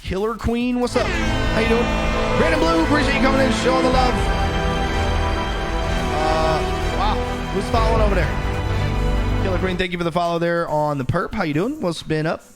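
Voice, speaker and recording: A man's voice: sits high, normal speed, pauses often, over loud music. A man ranting on a casual livestream, heated and profane, greeting viewers in between.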